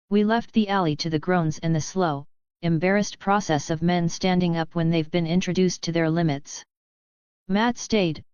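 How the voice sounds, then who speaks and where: A woman narrating an audiobook in a steady, measured read. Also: fairly low pitch, smooth, no room sound, lo-fi sound.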